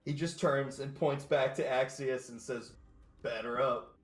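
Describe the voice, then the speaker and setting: Over an online voice call, a man playing a tabletop game chats casually in a mid-range voice with fairly even intonation at normal speed. He's brash and jokey, swearing now and then, and the audio sounds roomy with faint music behind him.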